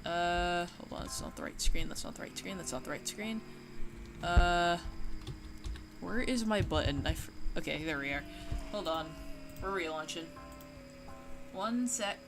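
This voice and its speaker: A woman streaming a game, chatting loosely and rambling through plenty of fillers and restarts. Her voice sits on the low side, and she breaks into sudden yelps at the game. Game music plays clearly behind her the whole time. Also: a little slow, long pauses. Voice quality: worries her voice sounds nasal. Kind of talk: casual gaming stream chat.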